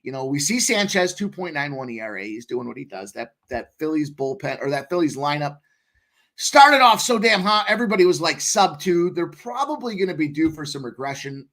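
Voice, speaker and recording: A man's voice: on the high side, a bit bright. A man co-hosting a sports betting show, brash and profane, hyped about his wins. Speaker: betting analyst co-host. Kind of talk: casual sports betting chat.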